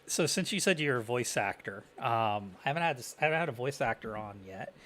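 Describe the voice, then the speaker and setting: A man's voice: medium pitch, lively intonation, brisk, fairly bright tone. A man hosting a podcast interview, asking casual, rambling questions. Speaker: podcast host.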